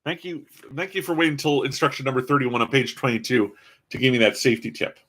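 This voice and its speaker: A fast-talking man with a mid-range, slightly bright voice comments casually on a live stream while building a toy kit. He rambles, tossing in dry, self-mocking asides.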